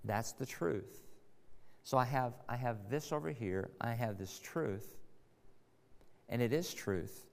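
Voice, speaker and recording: A male pastor with a gravelly, rough-edged voice delivers a sermon in a church. He is earnest and builds to emphatic rhetorical questions. The long reverb of a large hall trails every phrase. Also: medium pitch, lively intonation, takes it slowly, long pauses.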